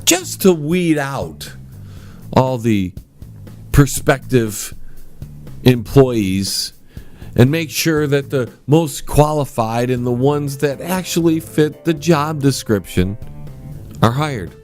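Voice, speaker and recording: A man's voice: medium pitch, expressive, slow, a little mellow, faint music behind. A man hosting a comedy call-in radio show, playing the patient straight man.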